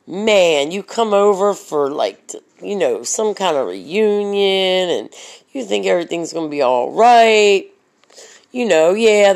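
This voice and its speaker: Slow, low-voiced woman ranting. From Baltimore, USA. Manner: blunt and profane, many ums, mocking asides. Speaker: vlogger commenting on local news. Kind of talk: casual rant.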